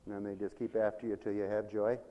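A man preaching a sermon, animated and laughing often, swinging from loud to soft. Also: on the low side, quick pace, in a large hall, muffled recording.

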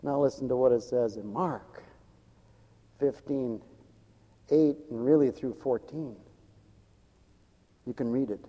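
A man preaching a sermon with dramatic swings from loud exclamations to hushed asides. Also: medium pitch, takes it slowly, long pauses. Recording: long echoing reverb of a large hall.

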